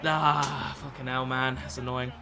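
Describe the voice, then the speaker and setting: A man's voice: medium pitch, little pitch movement, unhurried, over music. A British man in his twenties chatting casually and swearing freely while streaming a game late at night. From Britain. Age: 20s. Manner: rambling, swears a lot, laid-back chatter. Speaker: gaming streamer. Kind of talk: casual live-stream chat with game commentary.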